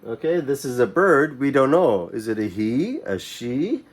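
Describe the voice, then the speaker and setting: A man teaching a children's English reading lesson, reading short phrases slowly and clearly for the class to repeat. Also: mid-range voice, big pitch swings.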